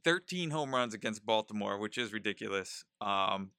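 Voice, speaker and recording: A man's voice: lowish voice, lively intonation, normal speed, pushed and bright, clean tone, no echo, studio quality. A man co-hosting a sports podcast, teasing his partner in a joking way. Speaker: podcast co-host. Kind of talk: casual sports podcast chat.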